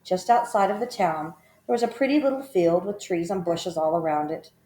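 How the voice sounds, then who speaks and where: Woman reading a children's story aloud; lowish voice, measured and expressive, roomy echo.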